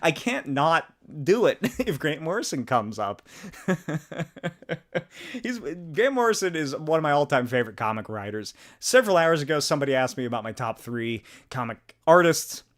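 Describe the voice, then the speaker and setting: A man's voice: fairly high pitch, very animated, normal speed, a bit bright. A man hosting a comics livestream, giggly and joking in casual chat, swearing casually. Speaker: comics channel host.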